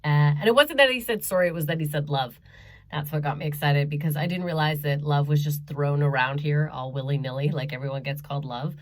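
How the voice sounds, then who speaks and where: A woman's voice: low voice, brisk. Chatty woman doing stand-up. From Canada. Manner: chatty, self-mocking, frequent laughs and ums. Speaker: stand-up comedian. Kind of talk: stand-up comedy set over video. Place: home bedroom.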